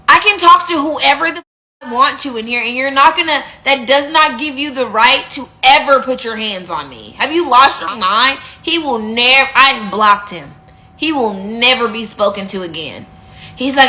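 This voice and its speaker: A woman in her twenties telling a dating story in a casual storytime, animated and emphatic, repeating phrases for effect. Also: high-pitched.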